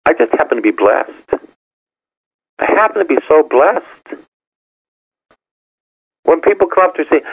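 An older male priest preaches with a gravelly, husky voice, repeating his points with building emphasis. The sound is thin and phone-like, as if from a radio broadcast. The recording is dry, with no room echo. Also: fairly high pitch, very animated, unhurried, long pauses. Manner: emphatic, repetitive preaching, rising to exclaim. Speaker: parish priest. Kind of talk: sermon.

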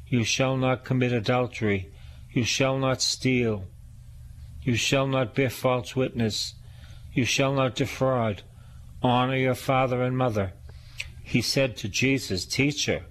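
Male preacher delivering a sermon, slow and deliberate, with scripture readings and repetition. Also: medium pitch.

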